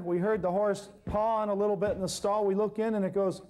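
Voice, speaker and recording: A man telling an animated story to an audience, acting out the people in it as he goes. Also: high voice, a little fast, few pauses, some chatter behind. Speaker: herbal healer telling a story on stage. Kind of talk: storytelling lecture.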